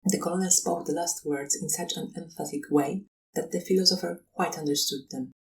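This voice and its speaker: Distant audiobook narrator, measured delivery. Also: medium pitch, steady tone, slight background noise. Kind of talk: scripted narration.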